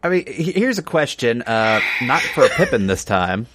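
A man's voice: mid-range voice, big pitch swings, normal speed, a bit bright, a little hiss or hum. Male co-host: wry, easygoing, moderate voice, plays along with the bit. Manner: wry, plays along with mock legal bits. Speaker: podcast co-host. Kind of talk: casual comedic chat.

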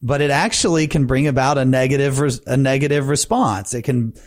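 A man co-hosting a podcast about preaching, talking in a relaxed, conversational way. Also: medium pitch, fairly quick, dry recording, studio quality. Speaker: podcast co-host.

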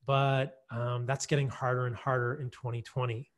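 A man's voice: medium pitch, level tone, normal speed. A man who is a guest expert on a podcast, explaining at length in an enthusiastic, chatty way. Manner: enthusiastic, explanatory, with frequent fillers and laughs. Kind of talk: conversational podcast interview.

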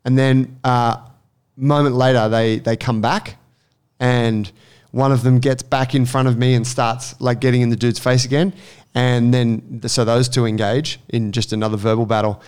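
Smooth-voiced man telling a story. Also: mid-range voice, normal speed. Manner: animated storyteller, acts out quotes. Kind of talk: casual storytelling.

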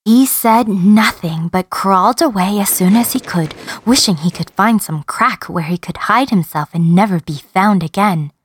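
A woman reading a children's story aloud in an expressive, sing-song storyteller manner. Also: medium pitch, moderate pace, few pauses, slight background noise.

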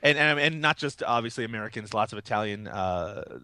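A man's voice: on the low side, expressive, brisk, pushed and bright, dry recording. Man, podcast co-host, head cold, rambling, chatty, laughs a lot, dry close mic. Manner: laughs often, rambling and enthusiastic. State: recovering from a cold. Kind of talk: casual podcast chat.

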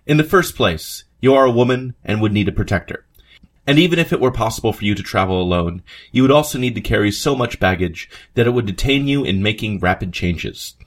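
A man's voice: fairly low pitch, lively intonation, fairly quick. A man reading the part of a curt, dismissive newspaper business manager from the 1890s.

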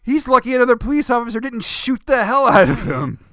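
A man's voice: very high voice, very animated, brisk, sharp tone, no echo, studio quality. A man co-hosting a casual movie-review chat, sarcastic, swearing freely and laughing often. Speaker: podcast co-host.

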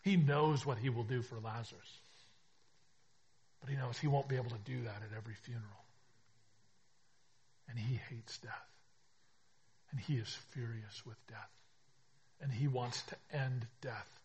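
A man preaching a sermon as pastor, swinging between hushed reflection and emphatic, rising declarations. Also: medium pitch, a little slow, pauses often, breathy edge.

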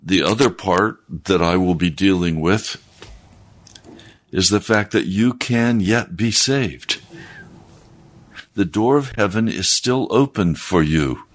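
A man's voice: sits low, lively intonation, slow pace, long pauses. A man speaking as a pastor, hosting a broadcast and talking in a solemn, earnest sermon style while recovering from losing his voice. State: recovering from a lost voice.

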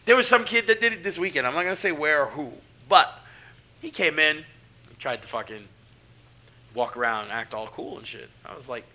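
On a low-quality recording, a pro wrestler from Brooklyn chats on a podcast at a slightly fast clip in a medium-pitched voice. His stories are profane and animated, and he performs the voices of the people he quotes.

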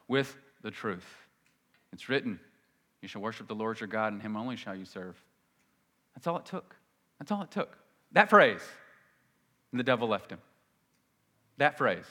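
A man preaching a sermon in a conversational way, moving from loud emphasis to quiet asides. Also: medium pitch, big-room sound. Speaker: pastor.

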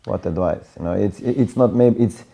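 A male interviewer with a very deep, gravelly voice and a husky, dark tone. He keeps his replies brief and asks short questions. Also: moderate pace. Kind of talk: casual interview.

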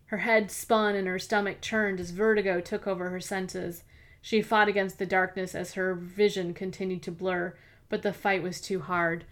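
A woman hosting a podcast, reading a mystery story aloud in steady, evenly paced scripted narration. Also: medium pitch. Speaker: podcast host and author-narrator.

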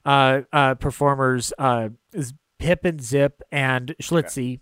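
A man's voice: mid-range voice, slow, fairly bright tone, smooth, no echo. A man co-hosting a casual film podcast, recapping scenes in a rambling way with lots of fillers. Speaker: podcast co-host.

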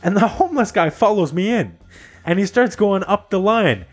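Lively Canadian man telling stories. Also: high voice, normal speed, soft background music. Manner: storytelling, animated, laid-back. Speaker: podcast host. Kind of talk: casual chat.

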